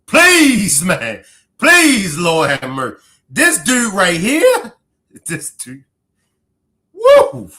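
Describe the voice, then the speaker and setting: A man's voice: high voice, huge pitch swings, extremely slow, bright, forceful tone. A man streaming live, reacting to a clip, who keeps laughing, exclaiming and breaking off mid-sentence.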